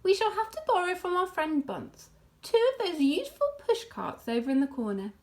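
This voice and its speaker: Storybook fox father, high and lively, voiced by a woman, puffed up and pleased. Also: normal speed, full character voice. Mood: fond. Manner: grand, relish-filled, commanding. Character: proud, showy adult male fox, head of family.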